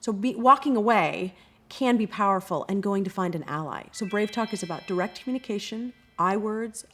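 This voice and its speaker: A woman who runs anti-bullying workshops, answering interview questions in an expressive way and often acting out quoted voices. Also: medium pitch, a little fast, slight background noise. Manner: expressive, acts out quoted kids and parents.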